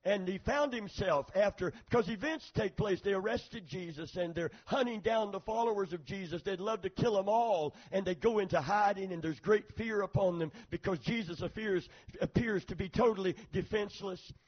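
Male preacher, high husky voice, lively sermon delivery with amen call-outs, on a dull lo-fi recording. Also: moderate pace, few pauses. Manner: calls for amens, retells scripture with acted quotes.

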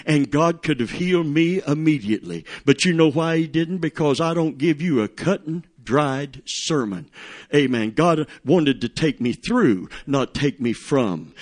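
A middle-aged male pastor preaching a sermon, telling stories and calling for amens from the congregation. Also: fairly high pitch. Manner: preaching with call-and-response, storytelling, laughing asides.

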